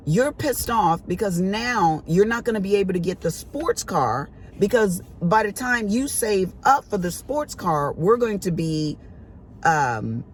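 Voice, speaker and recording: A woman's voice: medium pitch, slight background noise. A middle-aged woman vlogging, telling a family story to her viewers in a chatty, emphatic, colloquial way.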